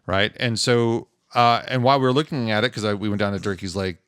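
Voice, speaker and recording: A middle-aged man hosting a podcast, talking in a relaxed, halting way with many pauses and restarts. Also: on the low side, clear, resonant tone, no room sound, studio quality. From Idaho. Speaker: podcast host. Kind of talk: casual podcast chat.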